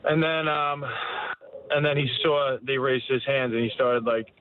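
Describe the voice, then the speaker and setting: A man in his thirties, a fighter being interviewed, talking candidly with halting restarts. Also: mid-range voice, steady tone. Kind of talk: casual interview answers. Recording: tinny phone line with faint noise.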